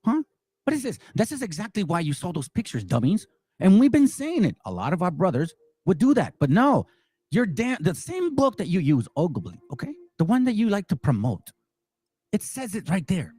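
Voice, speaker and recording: A man who hosts a religious commentary channel speaks at normal speed in a high voice that swoops wildly in pitch, slightly mellow yet a little rough. He delivers a heated, profane, mocking monologue full of repetition.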